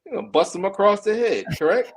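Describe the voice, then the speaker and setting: An older man co-hosting a casual podcast, animated, laughing and acting out quotes. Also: high voice, brisk.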